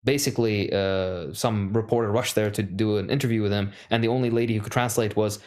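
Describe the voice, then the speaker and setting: A man in casual podcast chat, telling stories in a relaxed way with fillers. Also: on the low side, fairly quick.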